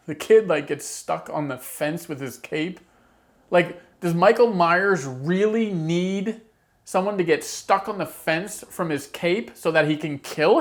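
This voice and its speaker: A woman's voice: lowish voice, slow. A woman hosting a horror channel, giving a casual opinion rant with exasperated, sarcastic asides.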